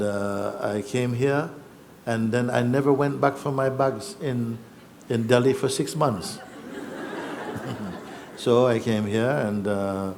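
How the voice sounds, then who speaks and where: Low-voiced man telling a reflective story. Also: a little hiss or hum. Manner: unhurried, reflective, with soft laughs and hesitations. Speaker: spiritual teacher. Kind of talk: satsang storytelling. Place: satsang gathering in Rishikesh.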